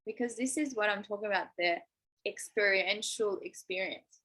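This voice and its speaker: A woman's voice: medium pitch, moderate pace, pushed and bright, rough recording. A young adult woman coaching a live online masterclass, enthusiastic and encouraging, using spiritual wording. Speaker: manifestation coach.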